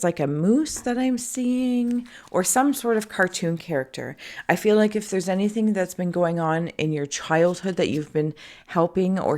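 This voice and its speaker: A woman giving a spiritual tapestry and tarot reading, talking in a meandering, dreamy way that keeps correcting itself and sometimes drops to a soft whisper. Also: low voice.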